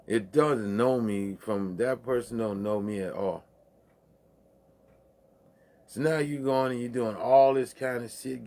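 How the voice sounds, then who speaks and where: A man hosting a casual late-night monologue, with loose, profane, preachy street talk, laughing at his own jokes. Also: mid-range voice. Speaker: livestream host.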